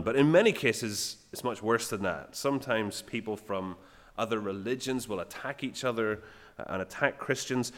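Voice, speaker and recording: A man giving a sermon in a plain conversational way, often pausing with fillers. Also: mid-range voice, a bit bright, long reverb tail. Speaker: preacher.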